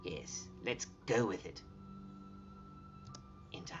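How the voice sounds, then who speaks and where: A man's voice: on the high side, sing-song, normal speed, fairly bright tone. A man chatting casually on a livestream while typing, rambling and swearing freely and repeating his words, on dull lo-fi audio with faint music behind.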